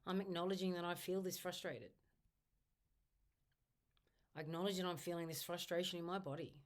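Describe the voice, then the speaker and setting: Low-pitched woman, instructor leading a self-help tapping routine, steady repeated phrases. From Australia. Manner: slow repetitive affirmations, first person. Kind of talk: guided tapping script spoken aloud.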